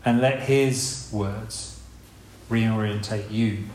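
A man's voice: fairly low pitch, steady tone, extremely slow, a little mellow, a little hiss or hum. A man preaching an informal sermon in a conversational, rambling way, with many restarts and asides. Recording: roomy hall with faint ambience.

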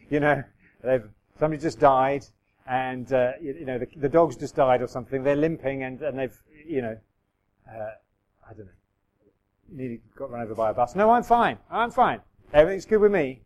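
A man's voice: mid-range voice, fairly even intonation, normal speed, long pauses, darkish tone, low-quality recording. A middle-aged man preaching a sermon in a conversational way, acting out quoted voices with self-deprecating humour. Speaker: pastor.

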